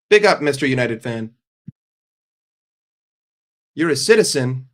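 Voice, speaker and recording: Hosting a live stream, an animated man with a mid-pitched voice replies to his chat loosely and casually. His talk is blunt and profane, full of rapid jokes.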